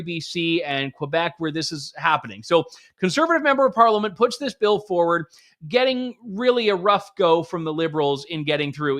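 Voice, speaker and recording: Male host, bright high voice, sarcastic chuckling political commentary.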